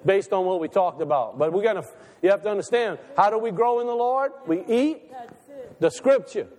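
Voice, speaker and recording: A man's voice: sits high, expressive, normal speed, darkish tone. A man a sermon in a sanctuary, folksy and conversational, rising into impassioned calls. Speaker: preacher. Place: church sanctuary. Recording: long reverb of a church hall.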